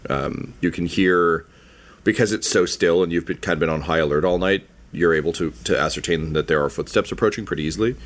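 Low-voiced, halting game master. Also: male voice. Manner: halting, full of ums and restarts. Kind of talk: narrating a tabletop game.

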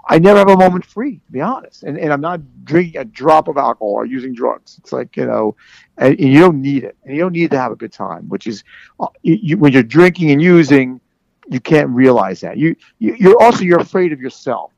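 A man with a gravelly, fry-edged voice talks in a rambling, candid way, full of restarts and fillers. His pitch sits in the middle of the range. The sound is dry and close. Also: lively intonation, brisk, a little mellow, no echo, rough recording. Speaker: guest in recovery. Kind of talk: candid conversation.

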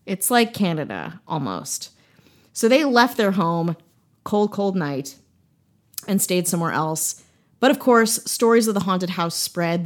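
A woman from Wisconsin hosting a podcast, telling a spooky story in a casual way with playful, jokey asides. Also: on the low side. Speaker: podcast host.

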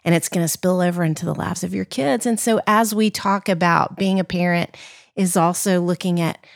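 A woman's voice: lowish voice, steady tone, normal speed, creaky, no echo, studio quality. A woman co-host wrapping up a podcast episode in an earnest, encouraging way. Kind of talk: reflective podcast wrap-up.

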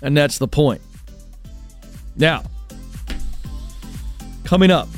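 A male radio host giving fired-up talk show commentary, animated and mocking as he mimics others. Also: on the high side, extremely slow, no echo, faint music behind.

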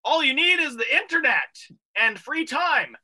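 Male talk-radio host, bright and high, loose rambling banter. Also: big pitch swings, unhurried. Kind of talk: casual radio chat.

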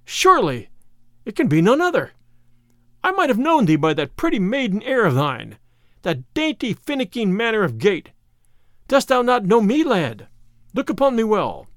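A man's voice: high-pitched, huge pitch swings, moderate pace, a bit bright, no room sound, studio quality, pitched above the performer's own voice, full character voice. A man voicing a proud, bruised male outlaw leader in a storybook reading, speaking in hearty, archaic phrases.

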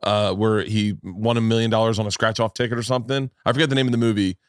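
A man's voice: on the low side, fairly even intonation, fast, no echo, clean studio sound. A man hosting a podcast, asking questions in a rambling casual way with many restarts. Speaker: podcast host. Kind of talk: casual interview chat.

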